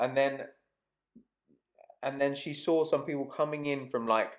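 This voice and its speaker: A man's voice: mid-range voice, measured pace. Man, casual vlog anecdote, rambling, sweary. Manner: chatty, swears freely, trails off and restarts. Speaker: vlogger.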